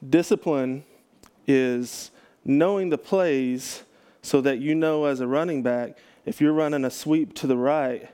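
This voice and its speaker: A man's voice: medium pitch, unhurried, dark tone, clean tone. A man from Texas, a pastor, giving a casual teaching talk to a group, chatty and self-correcting, with joking asides.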